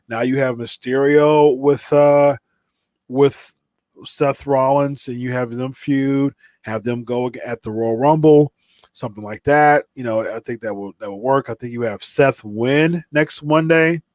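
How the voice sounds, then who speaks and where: A man's voice: medium pitch, unhurried, a little mellow, no echo. Chatty male podcast host, dry sound. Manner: rambling, with many fillers and restarts. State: slightly stuffy from a cold. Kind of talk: casual live-stream chat.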